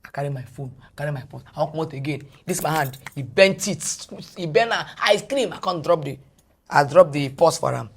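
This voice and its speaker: A Nigerian woman, a guest on a podcast, retelling a personal story in animated English mixed with Pidgin. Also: deep voice, brisk, husky.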